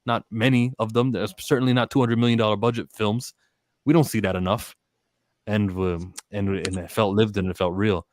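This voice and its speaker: Low-voiced man in animated movie chat. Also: moderate pace, no room sound. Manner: animated, acts out quotes from scenes. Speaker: podcast guest. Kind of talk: casual movie discussion.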